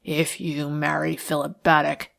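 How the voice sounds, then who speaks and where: A woman reading the lines of a rough, jealous man who threatens and boasts in a harsh, coarse manner. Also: level tone, measured pace, exaggerated voice. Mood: menacing. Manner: sullen, menacing, low-voiced. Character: rough jealous male schemer, bitter and threatening. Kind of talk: audiobook character reading.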